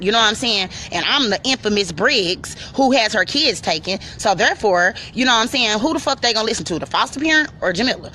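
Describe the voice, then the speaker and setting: A woman telling a personal story in a profane, animated way, talking straight to the listener. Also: mid-range voice, a little hiss or hum.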